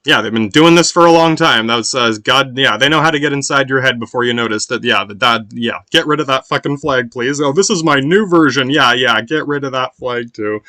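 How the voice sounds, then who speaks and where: A man's voice: medium pitch, sharp tone, no room sound. A man in a rambling, casual monologue as a podcast host, swearing often and restarting his sentences. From United States. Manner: rambling, profane, sprinkled with "yeah" and restarts.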